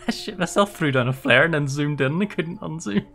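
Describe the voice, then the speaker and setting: A woman streamer giving live commentary on a horror game, jumpy and swearing, sliding between hushed whispers and startled yelps. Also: sits low, fairly quick, vocal fry, soft background music. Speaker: virtual streamer.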